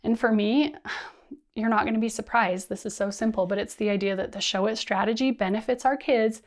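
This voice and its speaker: A woman presenting an instructional video for teachers, modeling call-and-response counting and hand actions the way she would with students. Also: medium pitch. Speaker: teacher trainer.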